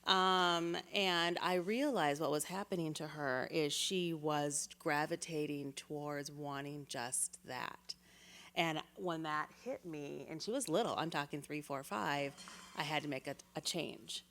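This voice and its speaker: Woman from the audience, deep voice, earnest and rambling. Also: a little slow, fairly bright tone. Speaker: audience member. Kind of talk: sharing a personal story.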